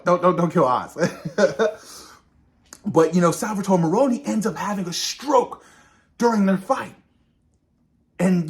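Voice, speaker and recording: Male reaction host, fairly high voice, lively swoops, chatty episode breakdown. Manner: animated, addresses viewers as "you guys", acts out characters' lines. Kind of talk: casual TV episode review.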